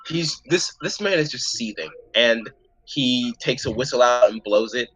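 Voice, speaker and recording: Male game master, casual narrator who swears and makes quick asides, bright and lively. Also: medium pitch, low-quality recording.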